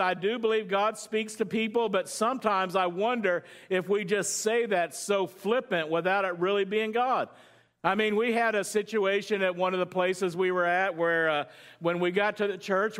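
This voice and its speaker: An older man delivers a sermon as pastor, talking in a high, light register. He tells stories with jokes along the way and keeps tossing questions out to the congregation. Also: fairly bright tone, clean tone. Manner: conversational, jokey storytelling with audience questions.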